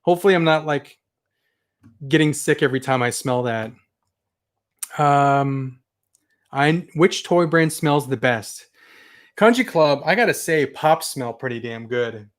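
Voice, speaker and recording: A man's voice: a little high, lively intonation, a little slow, pauses often. Chatty man hosting a toy livestream. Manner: chatty, rambling, enthusiastic, mild swearing. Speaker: toy collector channel host. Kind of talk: casual livestream chat reading viewer comments.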